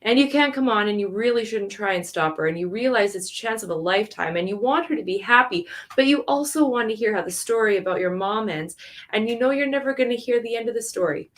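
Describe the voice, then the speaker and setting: A woman's voice: a little high, lively intonation, normal speed. Woman reading her story aloud earnestly. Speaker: reader of her own story.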